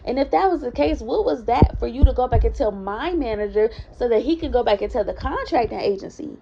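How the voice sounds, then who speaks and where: A woman chats candidly to her viewers in a casual storytelling vlog. Her voice sits a bit high but has a mellow tone with a lot of gravelly fry. It comes through a dull, lo-fi recording. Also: expressive, brisk, hardly any pauses, a little hiss or hum. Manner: chatty, candid, addresses viewers as y'all. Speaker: vlogger.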